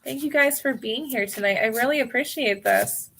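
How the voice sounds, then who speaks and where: A woman's voice: a little high, normal speed, slight background noise. An American woman hosting a live tarot stream, reading viewer names aloud, often laughing and calling people hon. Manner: warm, apologetic, giggly, calls viewers hon.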